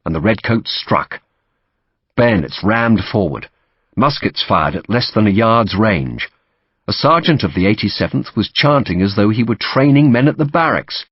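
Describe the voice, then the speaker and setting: A man reading a novel aloud as audiobook narration, steady and dramatic. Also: on the low side, breathy edge, no echo, muffled recording.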